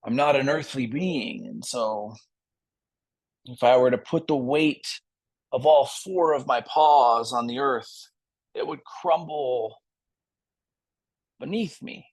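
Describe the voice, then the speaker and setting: A man voicing a smooth-talking male coyote in a told story, speaking gently and reassuringly. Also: mid-range voice, takes it slowly, long pauses, dry recording.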